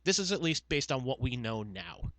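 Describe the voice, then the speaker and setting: A man's voice: medium pitch, lively intonation, normal speed, fairly bright tone, no echo. A man co-hosting a casual podcast chat, joking and rambling off into comic tangents. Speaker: podcast co-host.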